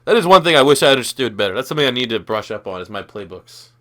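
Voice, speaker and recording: Profane young gaming commentator. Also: male voice, mid-range voice, big pitch swings, very fast, a bit bright. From Canada. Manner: loose, profane, rambling and self-deprecating. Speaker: gaming YouTuber. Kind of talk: casual gameplay commentary.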